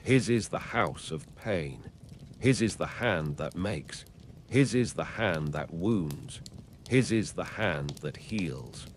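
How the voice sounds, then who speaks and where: A man's voice: low voice, animated, slow pace, slight background noise. A man voicing a hunched male beast-man who keeps the law, his thick voice carrying a whistling overtone as he intones in a grave sing-song. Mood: chanting.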